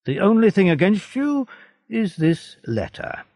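A man's voice: high-pitched, very animated, measured pace, darkish tone, no echo, voice pushed up, exaggerated voice. A man voicing a stern, secretive male judge who gives clipped orders.

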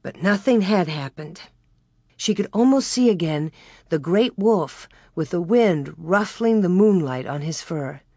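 A woman reading a children's story aloud in a slow, gentle narration. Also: on the low side, lively intonation, no room sound, studio quality. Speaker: reader.

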